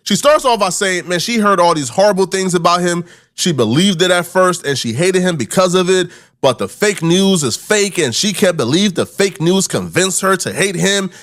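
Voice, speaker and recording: A man with a high, very lively voice narrates commentary on an interview. He sounds dramatic and incredulous as he sets up the clip. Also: moderate pace.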